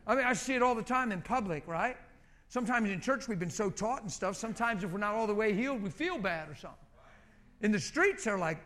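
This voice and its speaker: A middle-aged man preaching to a congregation in a high voice. He talks like a conversation but pushes hard, exhorting and repeating short commands as he leads group prayer. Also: lively intonation, a little fast, pushed and bright. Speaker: pastor. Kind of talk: sermon leading group prayer.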